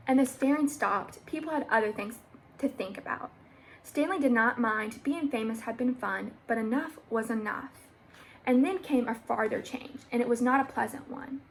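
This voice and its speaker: Young woman reading a children's story, gravelly. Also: fairly high pitch, slight background noise, low-quality recording. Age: young adult. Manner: steady, plain storytelling. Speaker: storybook reader. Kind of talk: reading a children's book aloud.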